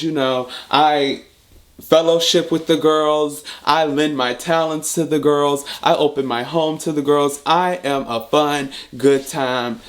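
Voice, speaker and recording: A man's voice: fairly high pitch, fairly even intonation, unhurried. A man telling a story in a casual vlog monologue, blunt and profane, repeating points for emphasis. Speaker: storyteller vlogger.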